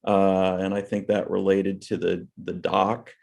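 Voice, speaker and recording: A man on a judging panel gives halting feedback full of fillers. His voice is very deep and gravelly, with a flat tone. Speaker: judge on a mock trial panel.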